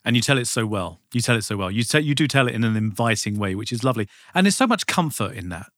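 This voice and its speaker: A man's voice: mid-range voice, animated, fast talker, a bit bright, no echo, studio quality. A man hosting a faith podcast, talking in a chatty, rambling way with many fillers. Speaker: podcast host. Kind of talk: casual chat.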